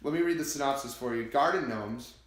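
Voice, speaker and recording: Male co-host, casual jokey banter, middle pitch, recorded in a roomy space. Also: fairly quick. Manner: leads segments, joking banter. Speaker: podcast co-host. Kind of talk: casual chat. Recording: roomy echo.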